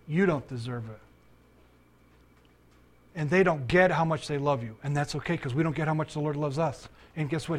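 A man preaching a sermon as pastor and counselor, reading scripture aloud, commenting on it and asking his listeners questions. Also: fairly high pitch. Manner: animated, asks the audience questions.

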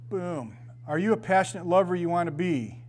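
A man's voice: sits high, lively intonation, normal speed, a little mellow, slight background noise. A middle-aged man preaching as a pastor, telling stories animatedly and acting out the voices of the people in them, laughing often. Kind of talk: sermon.

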